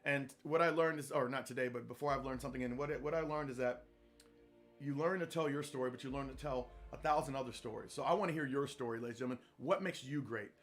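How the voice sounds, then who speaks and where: Faint music plays behind this podcast host as he talks quickly at a medium pitch. His motivational monologue is earnest and repetitive, delivered in the style of a preacher.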